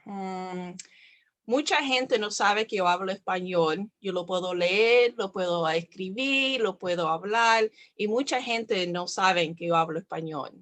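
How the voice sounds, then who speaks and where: A woman's voice: mid-range voice, moderate pace, fairly bright tone, no room sound. Earnest woman guest with a dry sound. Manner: earnest and encouraging. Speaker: motivational speaker. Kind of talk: interview guest.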